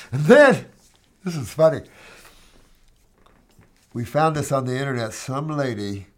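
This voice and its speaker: A man hosting a question-and-answer show, talking in a blunt, emphatic, folksy way as he answers viewers. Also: mid-range voice. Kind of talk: casual Q&A monologue.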